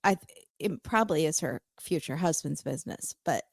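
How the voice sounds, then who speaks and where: A woman with a slightly low voice joins a podcast chat and works through her opinions aloud, full of hedges and little fillers. Her voice sits close and dry on the mic. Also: lively intonation, normal speed, gravelly, no room sound. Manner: thinks aloud, hedging with fillers and tentative takes. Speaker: podcast guest. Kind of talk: casual chat.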